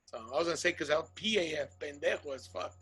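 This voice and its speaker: Husky, bright-voiced man ranting. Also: fairly high pitch, lively intonation, quick pace, low-quality recording. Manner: emphatic, profane, argumentative. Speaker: podcast guest. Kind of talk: casual comedic chat.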